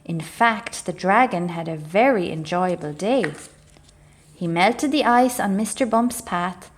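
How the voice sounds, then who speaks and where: A woman reading a children's storybook aloud as a library storyteller, expressive and measured. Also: mid-range voice, husky.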